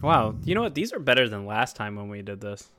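Animated wisecracking podcast co-host man. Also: lowish voice, a little fast, dry recording. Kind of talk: casual podcast banter.

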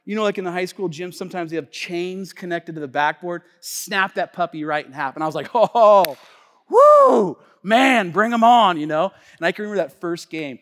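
A male pastor preaching a sermon in a casual, slangy storytelling manner that swings between hushed asides and loud outbursts. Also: fairly high pitch, fast talker, few pauses. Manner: casual slangy talk, many fillers and restarts. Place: church sanctuary. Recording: long reverb of a large church hall.

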